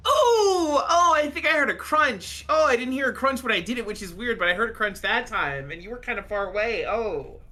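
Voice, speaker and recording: A woman voicing an excitable, cocky young superheroine in a tabletop game. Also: mid-range voice, quick pace, hardly any pauses. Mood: excited. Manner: gushing, excitable.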